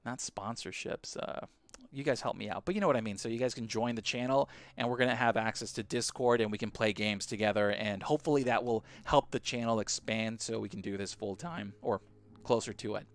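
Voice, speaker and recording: A man hosting a live reaction stream on a broadcast headset, chatting casually and excitedly with viewers. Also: on the low side, a little fast.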